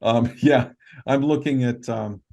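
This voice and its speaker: A man, a guest on a video call interview, telling a story in an earnest, halting way with many fillers and restarts. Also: medium pitch, creaky, darkish tone.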